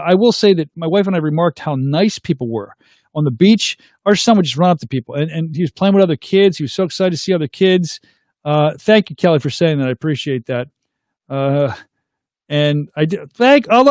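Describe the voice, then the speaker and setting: A man's voice: a little high, brisk, no echo, clean studio sound. A man in his thirties hosting a live talk show, animatedly telling a personal story and reading viewer comments. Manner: animated, acts out dialogue in his anecdotes; reads viewer comments aloud. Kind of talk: casual livestream storytelling.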